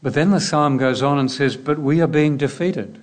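A man preaching a sermon in a deliberate way, asking repeated rhetorical questions. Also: a little high.

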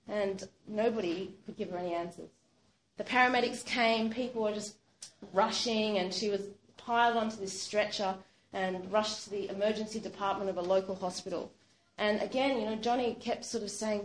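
A woman narrating a story in a loose, chatty way, filling her sentences with little verbal fillers. Her voice sits at a middling pitch. The room echoes and a faint hiss runs underneath. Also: fairly even intonation, fairly quick. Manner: conversational, with many fillers like "you know" and "sort of". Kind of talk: spoken storytelling. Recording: roomy echo, faint background noise.

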